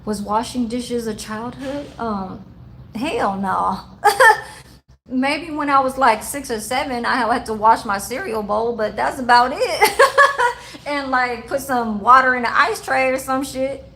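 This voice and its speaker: A woman's voice: high voice, expressive, takes it slowly, fairly bright tone, rough recording. Profane laughing woman in her forties. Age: 40s. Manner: profane, laughing storyteller who talks to her chat. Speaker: livestream host. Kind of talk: casual livestream chat.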